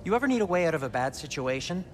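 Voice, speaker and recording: Sindri, a worried dwarf smith. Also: male voice, a little high, big pitch swings, rapid-fire, soft background music. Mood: earnest. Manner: earnest, instructive, worried. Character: anxious, fussy male dwarf smith. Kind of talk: video game dialogue.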